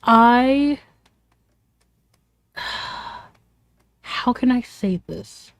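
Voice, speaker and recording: A woman's voice: fairly high pitch, expressive, drawn-out words, dry recording. A young woman streamer venting in a casual, rambling way, emotional and swearing often.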